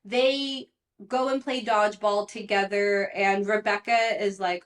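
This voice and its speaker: A woman's voice: medium pitch, steady tone, measured pace. Chatty young woman gossiping on a podcast. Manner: chatty and exasperated, heavy use of "like". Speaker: podcast host. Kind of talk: casual pop culture gossip recap.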